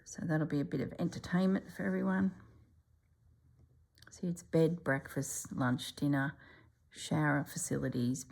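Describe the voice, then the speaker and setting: A middle-aged woman with a low, gravelly voice talks casually while she stitches, often slipping into a hushed whisper. Her tone is husky and a little breathy, unhurried and homely. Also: fairly even intonation. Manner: often drops to a soft whisper. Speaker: stitching channel host. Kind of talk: casual stitching vlog chat.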